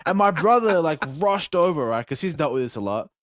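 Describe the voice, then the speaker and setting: A young man co-hosting a podcast, telling a story in animated, swear-heavy casual chat with sudden shouts and laughs. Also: on the high side, brisk, dry recording, studio quality. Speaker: podcast co-host.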